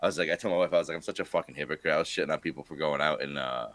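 Very low-voiced man telling a rambling story. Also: very fast, fairly bright tone, no room sound. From Rhode Island. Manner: profane, rambling storytelling with frequent laughs. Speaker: podcast co-host. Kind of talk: casual chat.

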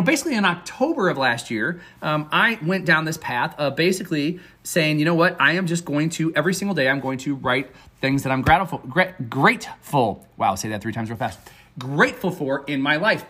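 A man hosts a motivational podcast as a success coach. His voice sits a little high and has a husky, breathy edge. He talks in an upbeat, earnest, loose way with fillers and restarts. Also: fairly bright tone.

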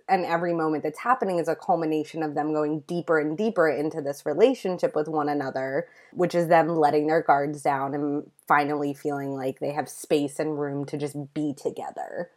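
A woman's voice: sits low, fairly even intonation, moderate pace, a little mellow. A woman co-hosting a podcast, chatting casually and gushing as she recaps a TV series, full of "like" and asides. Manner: gushing, enthusiastic, lots of "like". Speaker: podcast co-host recapping a show. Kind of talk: casual chat.

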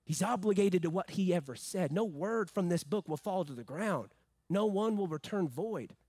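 A male pastor delivers a sermon with strong emphasis. His voice sits high and swings between loud peaks and hushed, low phrases, with playful asides in between. The sound is dry and close, with no room echo. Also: expressive, normal speed.

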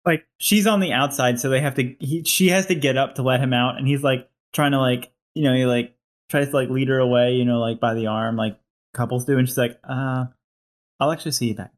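A man in casual chat about his comedy sketch, relaxed and agreeable, hedging with filler words. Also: medium pitch, brisk. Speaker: comedy writer.

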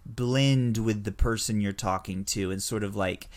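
A man co-hosting a casual chat, telling stories in a relaxed way and laughing as he talks. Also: on the low side, a little slow. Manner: laid-back storyteller, laughs while talking. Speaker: podcast co-host.

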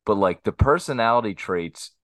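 A low-voiced man co-hosts a podcast and tells family stories in a casual chat. His pitch swings widely as he gets into an anecdote. The recording is close and dry, with no echo. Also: moderate pace. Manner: animated anecdote-telling. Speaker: podcast co-host.

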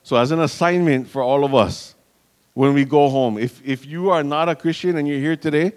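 A man's voice: on the high side, normal speed, darkish tone. A man preaching a sermon in an earnest manner, calling out to the congregation and restarting phrases as he goes.

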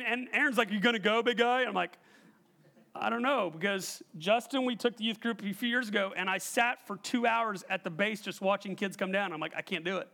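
A man gives a sermon in a church hall, his voice sitting high for a man. He tells a personal story with animated energy and keeps turning to the congregation with questions. He speaks into a stage microphone. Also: creaky. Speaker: pastor.

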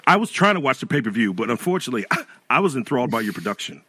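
A man co-hosting a podcast in animated casual chat, laughing often and acting out imagined quotes. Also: medium pitch, racing, husky, no echo. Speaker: podcast co-host.

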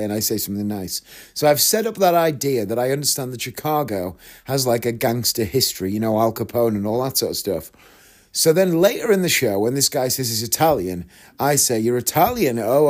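A man's voice: mid-range voice, animated, a little fast. A man, a magician, chatting through a casual story and acting out his punchlines. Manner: chatty, self-deprecating, acts out punchlines.

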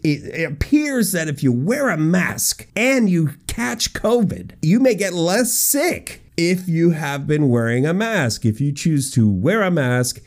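A man runs a comic weird-news countdown with wry asides. His voice swings widely up and down in pitch as he jokes. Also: a little slow, few pauses. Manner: wry, animated, jokey asides. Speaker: podcast host.

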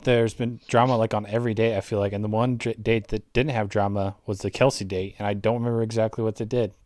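A man with a low voice joins a podcast chat with offhand, joking remarks. He sounds relaxed and casual in his banter. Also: quick pace, dry recording, studio quality. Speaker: podcast co-host.

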